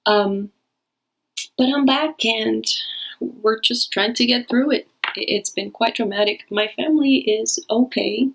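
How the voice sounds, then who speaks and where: A woman hosts her own tarot reading channel, rambling casually to camera and often restarting her sentences. Her voice is on the high side, creaky, and a little slow, and the audio is poor.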